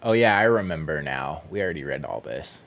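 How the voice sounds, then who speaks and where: A man's voice: rumbling low, animated, brisk, a bit bright. A man chatting casually with viewers while he streams a video game, rambling and chuckling as he goes. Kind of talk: casual gameplay chat.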